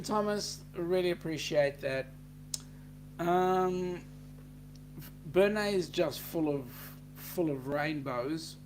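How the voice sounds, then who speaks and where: An Australian host on a live stream, working through viewer comments at an unhurried pace. The voice sits at a middling pitch. The delivery is casual and chatty, full of greetings and "um"s. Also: a little hiss or hum. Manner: chatty, laid-back, with frequent "um"s and greetings.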